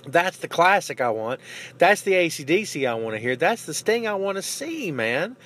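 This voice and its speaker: A man with a slightly higher voice holds forth in an opinionated, animated monologue. He speaks casually and keeps turning to the listener with "man" and "you know what I'm saying." His delivery is relaxed, conversational podcast talk. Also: moderate pace. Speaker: podcast host. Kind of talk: casual wrestling commentary.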